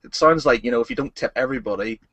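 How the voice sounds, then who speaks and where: A man's voice: mid-range voice, very fast, a bit bright, no room sound, highs cut off. British man, podcast host, casual chat, rambling, online call. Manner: rambling, laughs at his own jokes.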